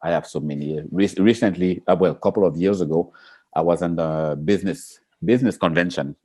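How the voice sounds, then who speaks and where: A man being interviewed as an Olympic sprinter, telling stories with lively energy, acting out quotes in a high excited voice and laughing. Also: fairly quick. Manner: expressive, jumps into high excited pitch, acts out quotes, laughs. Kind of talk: animated interview storytelling.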